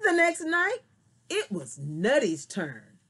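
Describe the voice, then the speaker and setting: Slow, sing-song woman storyteller. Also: a little high, wildly swooping pitch, fairly bright tone, slightly rough. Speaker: children's storyteller. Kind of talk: storytelling for children.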